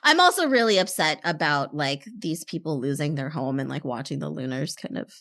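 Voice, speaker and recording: A woman's voice: low-pitched, animated, fairly quick, creaky, fairly bright tone. A woman playing a tabletop role-play game, chatting casually with lots of fillers. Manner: chatty, lots of likes, laughs easily.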